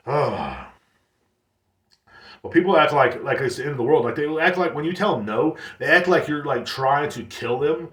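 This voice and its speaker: A man's voice: on the high side, big pitch swings, moderate pace, fairly bright tone, echoey room. A man hosting a podcast, ranting casually at length, profane and rambling with lots of fillers. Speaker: podcast host streaming to chat.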